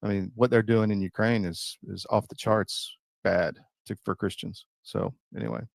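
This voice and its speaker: A man hosting an interview, asking questions in a relaxed, chatty way. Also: on the low side, moderate pace, gravelly, dry recording. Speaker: host. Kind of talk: casual interview talk.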